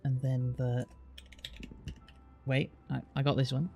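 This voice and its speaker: This is a British man on a live stream, easygoing and a little distracted as he reads place names and answers his chat. His voice is deeply gravelly with a dark, mellow tone. Faint music plays behind him. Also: monotone, takes it slowly. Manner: reads place names aloud while chatting with viewers, swears casually.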